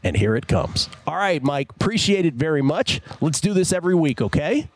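A man hosting a sports betting show, talking casually and slowly repeating numbers for his listeners. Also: on the high side, very animated. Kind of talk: casual radio show talk. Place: broadcast studio at a casino bar.

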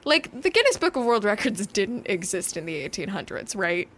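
A woman co-hosting a podcast, telling a story in a casual chat with animated asides and frequent laughter. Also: mid-range voice, normal speed. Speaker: podcast co-host.

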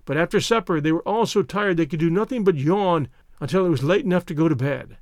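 An expressive male narrator reads a literary short story, his voice fairly high for a man and climbing sharply when characters speak. The recording is close and dry, with no room sound. His delivery is lively and full of pitch movement. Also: no room sound. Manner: expressive reading, raises his voice for the characters' lines.

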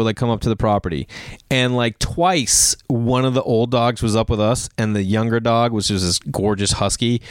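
A man's voice: mid-range voice, smooth, dry recording, clean studio sound. A man in his thirties talking casually on his own podcast, rambling through stories and acting out quotes in a raised voice. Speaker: podcast host. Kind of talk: casual solo podcast monologue.

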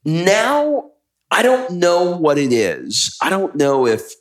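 Brief: middle-aged male co-host, lively storyteller, swoops up and down in pitch, relaxed travel talk. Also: takes it slowly. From United States. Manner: animated storyteller, acts out quotes. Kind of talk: casual travel chat.

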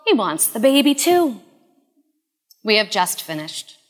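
Woman in her 30s, earnest storyteller, hushed confessional delivery, long reverb. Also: fairly high pitch, very animated, measured pace. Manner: earnest, confessional, often dropping to a hush. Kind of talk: live personal storytelling.

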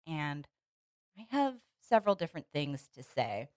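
A woman's voice: deep voice, sing-song, moderate pace, clean tone, dry recording. A woman co-hosting a casual podcast chat, earnest and opinionated, restarting her sentences often. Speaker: podcast co-host. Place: Los Angeles.

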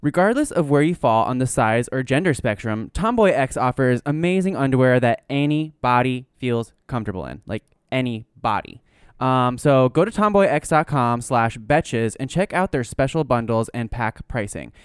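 A man's voice: medium pitch, expressive, normal speed, clean tone, no echo, studio quality. A man co-hosting a podcast, chatting casually with many "like" fillers and reading an ad in the same loose way. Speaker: podcast co-host. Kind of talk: casual podcast chat and host-read ad.

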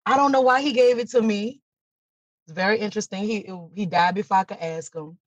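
A woman's voice: medium pitch, fairly quick, no room sound. A woman, a singer and bandleader, chatting casually and joking as a podcast guest. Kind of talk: casual chat.

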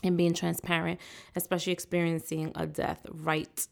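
A woman's voice: lowish voice, little pitch movement, normal speed, creaky. A woman hosting a solo podcast, talking to listeners with uplifting, preacher-like encouragement. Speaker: podcast host.

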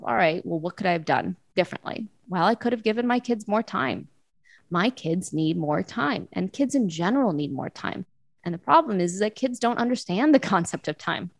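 A woman's voice: medium pitch, no room sound. A woman, probably in her thirties, giving casual, earnest parenting advice in an interview, with frequent fillers and restarts. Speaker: parenting guest.

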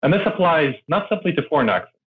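A man's voice: on the high side, very animated, quick pace. A man from Moldova, explaining ideas as a guest in an interview, often adding "right?". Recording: phone-like line.

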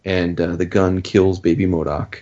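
A man's voice: sits low, normal speed, dull audio. A man in casual chat, animatedly recapping a story and swearing freely. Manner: animated, acts out characters' lines in jumping voices, profane.

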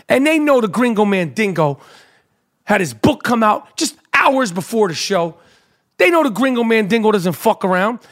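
High-voiced new guy ranting a story on his podcast, cursing constantly. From Brooklyn, New York. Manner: profane, boastful, loud. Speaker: podcast host. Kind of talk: animated storytelling rant.

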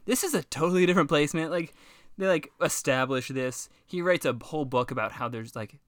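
A man co-hosting a casual history chat, animated and profane, who acts out the people he talks about. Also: fairly high pitch, a little fast.

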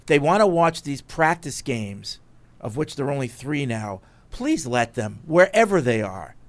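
A man's voice: mid-range voice, sing-song, normal speed. Emphatic man, sports podcast co-host. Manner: emphatic, riffs into pleading rants. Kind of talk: casual sports chat.

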